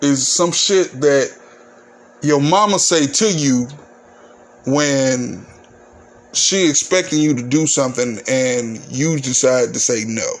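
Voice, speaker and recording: A man's voice: mid-range voice, takes it slowly. A man hosting his own podcast, talking casually in a candid, ranting, profane monologue. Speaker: podcast host.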